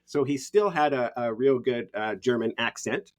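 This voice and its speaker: A man, a podcast guest telling stories in a relaxed, rambling way with frequent laughs. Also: medium pitch, normal speed. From Canada. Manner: easygoing, rambling, laughs often. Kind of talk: casual storytelling.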